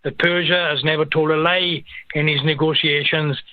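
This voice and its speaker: Indignant British caller on a phone line. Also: male voice, fairly high pitch, level tone, normal speed, no room sound. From United Kingdom. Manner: earnest, indignant, stammering. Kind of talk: call-in commentary. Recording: dry tinny phone line.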